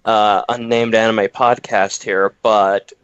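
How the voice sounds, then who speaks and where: A man's voice: on the low side, little pitch movement, slow, a bit bright, smooth, no room sound. A man on a podcast panel chatting casually, often restarting his sentences. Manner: stammering restarts. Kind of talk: casual chat. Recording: dull lo-fi mic.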